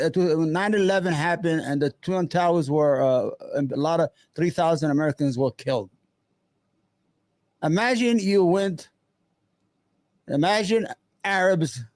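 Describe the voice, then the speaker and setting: A man with a high, dry voice mocks and heckles as he reacts to video clips. He talks in a scornful tone with plenty of "uh" fillers and jabs, close to the mic in a deadened room. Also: darkish tone, no room sound. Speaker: YouTube commentator reacting to clips. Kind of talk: mocking reaction commentary.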